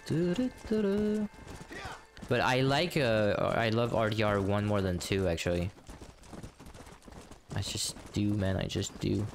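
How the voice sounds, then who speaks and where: A man's voice: fairly low pitch, steady tone, measured pace, vocal fry, a little hiss or hum. A man casually commenting while he plays a game live, chatty and profane, answering his viewers as he goes. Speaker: game streamer. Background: game music and horse hooves.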